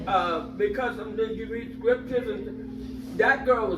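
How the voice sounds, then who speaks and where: A woman's voice: fairly high pitch, slow pace, background noise. An older woman in a candid group discussion who tells stories expressively and laughs often. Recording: roomy, distant mic.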